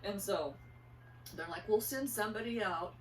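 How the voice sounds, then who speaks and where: A woman's voice: mid-range voice, normal speed, slight background noise. An older woman from eastern Idaho telling family stories in casual conversation, acting out her own panicked lines with animation. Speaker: interviewee, mother. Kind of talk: casual storytelling. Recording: roomy and distant.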